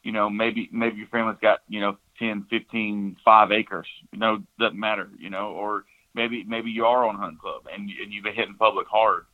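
A man's voice: lowish voice, level tone, normal speed. A man, casually telling a hunting story, full of restarts and "you know"s. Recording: tinny phone-like line.

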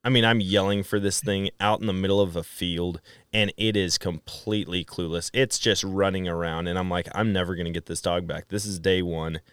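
A middle-aged man from Wisconsin, a podcast guest who tells stories in a casual, animated way and acts out quoted dialogue. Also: deep voice, fairly quick, few pauses, clear, resonant tone, dry recording. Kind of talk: casual storytelling chat.

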